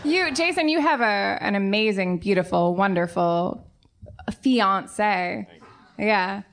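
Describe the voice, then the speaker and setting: A woman's voice: mid-range voice, takes it slowly, gravelly. A woman comedian teasing a guest with over-the-top gushing at a live podcast taping.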